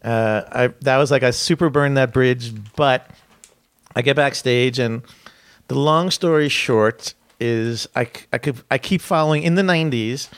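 A comedian guest tells long, rambling stories in casual chat, cutting himself off and laughing as he goes. His voice is medium-pitched and clean, at a moderate pace, in a dry recording.

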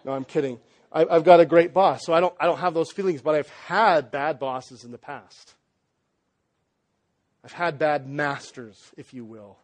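A young pastor, a man with a notably high voice, preaches in an easy conversational way. He often repeats a word as he restarts a thought and slips in light joking asides to his church. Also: moderate pace, a little mellow. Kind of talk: sermon.

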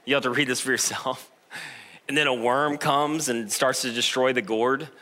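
A man's voice: mid-range voice, fairly even intonation, normal speed, bright, forceful tone. A man preaching a conversational sermon as a pastor, retelling a Bible story with humor and chuckles.

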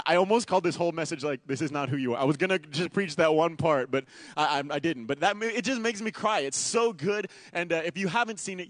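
A man in his thirties preaches with a somewhat high voice, talking to the congregation like a friend and shifting easily between jokes and earnest appeals. The sound is close and dry, with no room around it. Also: no echo. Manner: conversational, animated, self-deprecating asides. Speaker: pastor. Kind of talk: sermon.

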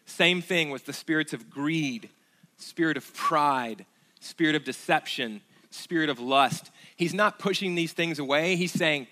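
Guy preaching a sermon, bright forceful voice, earnest, throws questions at the crowd, lots of ums. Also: a little high, measured pace. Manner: earnest preaching with rhetorical questions and rising, falling intensity; fillers and restarts. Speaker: pastor.

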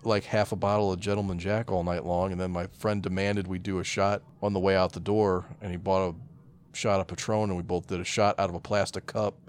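A man's voice: deep voice, little pitch movement, a little fast, clear, resonant tone. A man in his forties co-hosting a podcast, laid-back with dry asides. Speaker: podcast co-host. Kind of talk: casual chat.

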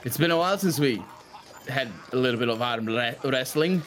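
Brash adventurer, blunt demands, voiced by a man, mid pitch. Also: expressive, brisk, a bit bright, soft background music, lightly acted.

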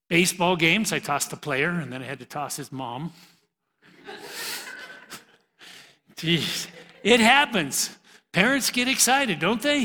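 A man's voice: fairly high pitch, sharp tone. A middle-aged man who teaches the Bible to a youth group in an easygoing way, joking and laughing at his own asides. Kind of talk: casual preaching to a youth group. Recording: long hall reverb.

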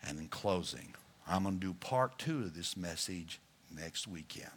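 A man's voice: deep voice, expressive, measured pace, a bit bright, breathy edge. A male pastor preaching a sermon, addressing the congregation directly in a playful coaching manner.

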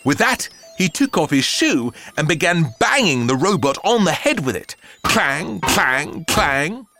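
A man narrating a children's story aloud with an expressive, theatrical delivery. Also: on the high side, normal speed, over music.

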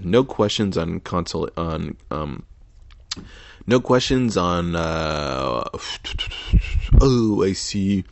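A man's voice: low voice, lively intonation, very slow, creaky, pauses often, no echo. A man hosting a casual solo podcast, reading headlines aloud and reacting with sarcastic, profane asides and mumbled comments. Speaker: podcast host.

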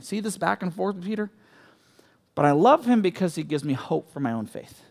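A man preaching a sermon as a pastor, animated and conversational, acting out quoted voices with frequent restarts. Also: high voice, a little fast, gravelly. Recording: long hall reverb.

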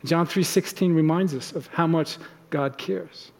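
Pastor guy giving a casual sermon, kinda high voice, big echoey church hall. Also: unhurried, gravelly. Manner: conversational, acts out little example dialogues.

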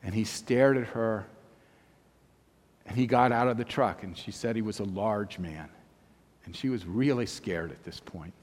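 A man preaching, telling a story in a measured, unhurried way with long pauses between phrases. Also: lowish voice. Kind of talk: sermon storytelling. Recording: long reverb of a large hall.

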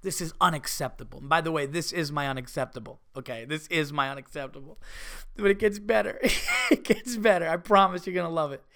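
A man telling a story in a casual, animated way, swearing freely and acting out the people he quotes. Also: fairly high pitch, brisk. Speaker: podcast host.

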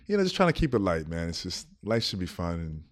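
A man in his thirties, a podcast guest, chatting casually and telling stories with lively quoted voices and frequent laughs. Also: low voice, quick pace. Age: 30s. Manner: animated storyteller, laughs often, acts out quotes. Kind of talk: casual chat.

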